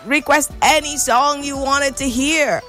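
Hosting a lively morning call-in, a woman teases callers in a bubbly, playful way and sometimes slips into a sing-song lilt. She has a high, a bit bright voice with fairly even intonation, speaking a little slowly over soft background music.

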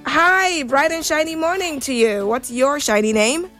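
A woman's voice: high voice, measured pace, a bit bright, faint music behind. A woman hosting a morning radio phone-in, bubbly and playful, teasing callers and sometimes slipping into a sing-song lilt. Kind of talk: lively morning radio call-in chat.

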